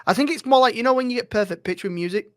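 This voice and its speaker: A man's voice: extremely high pitch, very fast, no room sound, clean studio sound. Rambling, sweary man. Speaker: roleplay streamer guest. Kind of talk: casual interview chat.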